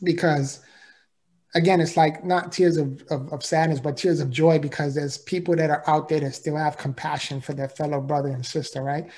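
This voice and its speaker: A man's voice: on the high side, steady tone, moderate pace, a little mellow. A man, a podcast guest, telling an emotional personal story in an earnest, heartfelt way, often repeating himself and asking "right?".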